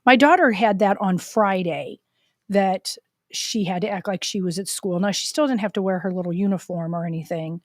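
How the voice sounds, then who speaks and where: A woman's voice: mid-range voice, no echo. Chatty middle-aged woman co-host, dry sound. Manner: chatty, quick to agree and joke. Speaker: podcast co-host. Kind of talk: casual chat.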